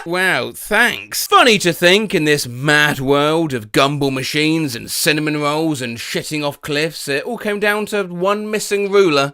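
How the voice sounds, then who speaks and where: A man, hosting a comedy video and reading out internet posts, jumping into silly shouted voices. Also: fairly high pitch, unhurried, hardly any pauses, clean tone.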